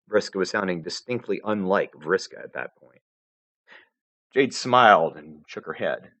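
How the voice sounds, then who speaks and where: Low-voiced man reading a story aloud. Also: unhurried, dry recording. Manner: expressive storytelling narration. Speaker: fanfiction reader. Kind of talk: live reading of fan fiction.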